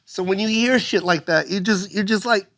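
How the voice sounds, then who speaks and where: A man in his fifties, a guest comedian telling stories on a podcast in an animated, profane way. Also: high voice, moderate pace. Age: 50s. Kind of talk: podcast conversation.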